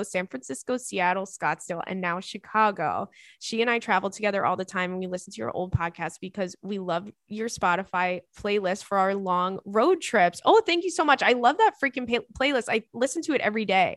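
A woman's voice: medium pitch, a bit bright, no room sound, clean studio sound. A young woman hosting a podcast, reading listener emails aloud in casual chat and gushing over them. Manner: gushing, effusive, frequent "oh my God". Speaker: podcast host.

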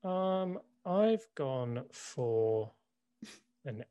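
A man co-hosts a podcast in a relaxed, hesitant way, often second-guessing himself and laughing. His voice is mid-pitched and sounds dry and close to the mic. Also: drawn-out words, clean tone, no echo, muffled recording. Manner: hesitant, changes his mind, laughs easily. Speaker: podcast co-host. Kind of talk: casual chat.

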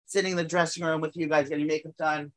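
Here the same out-of-breath co-host sounds flatter, though his voice is still on the high side and fairly bright. He talks fast in his New York apartment, rambling casually with plenty of fillers, false starts, and curses.

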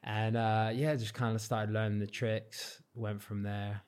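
A young man with a southern English accent chats as a podcast guest, easygoing and modest, leaning on fillers. His voice sits fairly low. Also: unhurried, clear, resonant tone. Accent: southern English, not Cornish. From Cornwall, England. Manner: relaxed, modest storytelling with many fillers. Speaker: podcast guest, football freestyler. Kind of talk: casual chat.

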